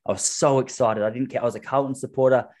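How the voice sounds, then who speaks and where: Fast and mid-pitched, a thirtysomething Australian podcast co-host swaps casual banter. He's an animated storyteller who performs the quoted lines of the characters he describes.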